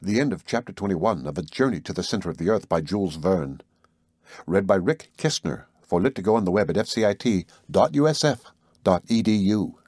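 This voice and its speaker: A man narrating an audiobook in a measured, steady way. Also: low voice, dry recording, studio quality. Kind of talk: scripted narration.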